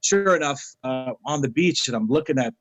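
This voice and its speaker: This New Yorker, a guest in a casual interview, talks briskly at a medium pitch while acting out the dialogue in his animated anecdotes. Soft music plays in the background of a rough, dry recording made near the mic.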